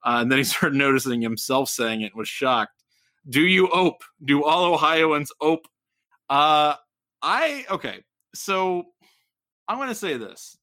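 A man's voice: a little high, expressive, unhurried, sharp tone, no echo, clean studio sound. A man from Ohio co-hosting a casual sports podcast. He rambles, repeats and corrects himself, and chuckles often. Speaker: podcast co-host.

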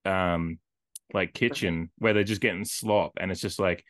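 A man co-hosting a casual film podcast, rambling and animated, full of filler words as he retells scenes. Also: sits low, measured pace, dry recording, clean studio sound. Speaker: podcast co-host.

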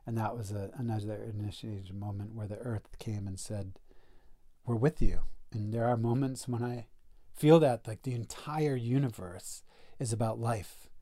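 A man telling a personal story as a podcast guest, earnest and animated, often saying "like" and correcting himself mid-sentence. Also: lowish voice, moderate pace. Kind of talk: casual storytelling in a podcast conversation.

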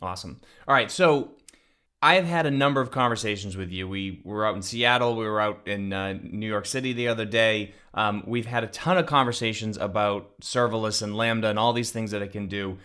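A man's voice: lowish voice, fairly quick, sharp tone, clear, resonant tone. A man hosting a podcast, chatting informally with his guest and using lots of fillers. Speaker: podcast host. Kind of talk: casual interview chat.

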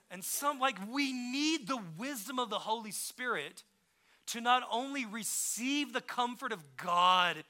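A male pastor preaching a sermon with passion, swinging from hushed, tender moments to emphatic peaks, full of conversational asides and quick restarts. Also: very high-pitched.

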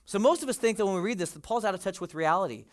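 A man in his forties preaching a sermon in a conversational, animated way, acting out the voices he quotes. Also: high-pitched, very fast. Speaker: pastor.

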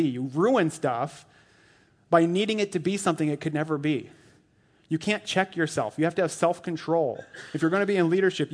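A man in his thirties preaches in a loose, conversational way, packing his talk with "like" and chuckling at his own jokes. His voice sits a little high for a man. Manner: chatty and joking, lots of "like", laughs at his own jokes. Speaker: lay elder preaching. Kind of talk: casual sermon.

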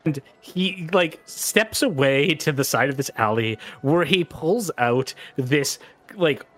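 A man's voice: mid-range voice, fairly bright tone. A man narrating as game master of a tabletop game, casual and rambling with many fillers.

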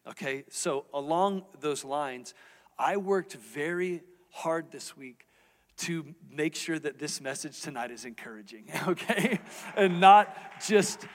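A man's voice: a little high, lively intonation, slow pace. A middle-aged man, a lead pastor, preaching a sermon from a church stage in a candid, conversational way, asking the audience questions. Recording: reverberant church hall.

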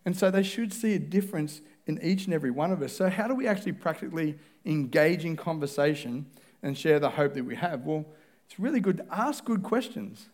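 A man's voice: a little high, expressive, brisk, a little mellow. Man preaching in a conversational way. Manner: conversational, acts out both sides of dialogues. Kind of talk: sermon.

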